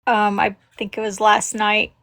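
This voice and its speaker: A woman, gentle and caring, talking hesitantly on a live call. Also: mid-range voice, monotone, a little slow, no echo. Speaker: live stream guest. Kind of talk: casual chat.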